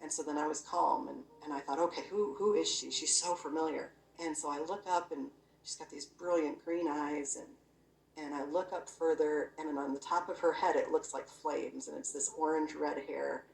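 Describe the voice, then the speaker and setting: A woman's voice: low-pitched, steady tone, moderate pace, vocal fry, darkish tone. A woman earnestly recounting a personal spiritual experience in casual, conversational storytelling, often using "you know" and "I'm like". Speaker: guest sharing a near-death experience. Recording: echoey room, voice from a distance.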